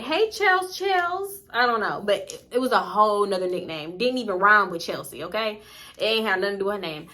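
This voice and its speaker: A woman casually telling a personal story to her viewers, candid and animated, with frequent asides. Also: mid-range voice. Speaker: storytime vlogger.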